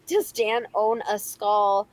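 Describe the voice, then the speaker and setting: A woman's voice: medium pitch, little pitch movement, slow pace, poor audio. A woman co-hosting a live stream, reading chat questions aloud in a playful, giggly, rambling way with lots of fillers, from a home studio.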